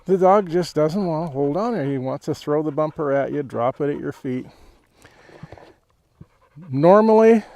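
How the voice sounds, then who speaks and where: A man who trains dogs, explaining a training session in a relaxed way, chuckling often and giving the dog short commands. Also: fairly high pitch, dry recording. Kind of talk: outdoor training demonstration.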